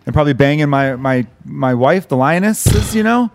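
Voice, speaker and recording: A man's voice: a little high, expressive, normal speed. A man in his thirties hosting a podcast, chatting loosely with heavy swearing and rambling stories. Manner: loose, profane, rambling storytelling. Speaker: podcast host. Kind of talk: casual podcast chat.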